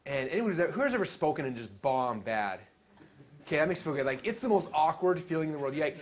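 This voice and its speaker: A man telling stories at a live seminar, animated and acting out the quotes he tells. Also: on the high side, fast talker. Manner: animated storytelling, acts out quotes. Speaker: seminar speaker.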